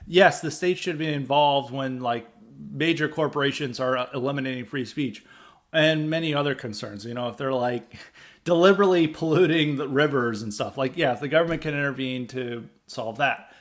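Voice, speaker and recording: A man's voice: medium pitch, normal speed. A man hosting a podcast, delivering a rambling political commentary monologue full of fillers, with emphatic bursts. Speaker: podcast host.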